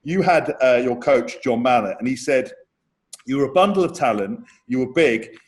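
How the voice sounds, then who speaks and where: A man's voice: mid-range voice, animated, moderate pace. A man co-hosting a podcast in casual chat, asking teasing, playful questions. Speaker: podcast co-host.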